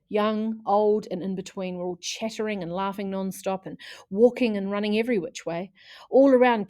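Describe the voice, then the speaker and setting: A woman's voice: mid-range voice, dry recording, studio quality. Woman reading a children's book. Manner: lively, voices characters. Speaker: audiobook reader.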